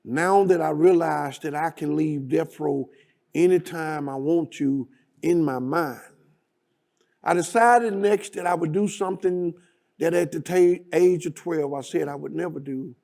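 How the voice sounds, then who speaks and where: Gravelly man telling a dramatic story. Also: a little high, fairly even intonation, a little slow, darkish tone. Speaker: guest speaker. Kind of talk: storytelling speech.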